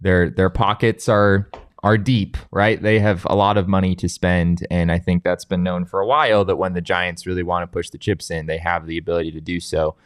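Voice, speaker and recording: A young man co-hosting a sports talk show, talking in an animated, casual way with lots of restarts and "like". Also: sits low, fairly quick, smooth, no room sound, clean studio sound. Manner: animated, with frequent restarts and filler "like".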